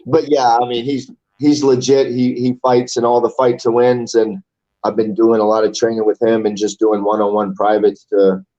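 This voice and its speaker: A man in his forties chats loosely as an interview guest, rambling and swearing casually. His voice sits at an ordinary middle pitch. The recording is a bit dull and lo-fi. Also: flat delivery, moderate pace, warm tone. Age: 40s. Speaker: amateur MMA fighter, guest.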